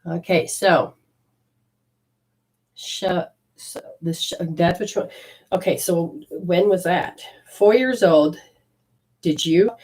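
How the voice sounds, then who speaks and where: Rambling low-voiced woman giving a reading. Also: slow pace, pauses often, a little mellow, poor audio. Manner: rambling, with frequent restarts; affectionate, calls the listener honey. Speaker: intuitive reader for a caller. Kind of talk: spiritual reading and coaching.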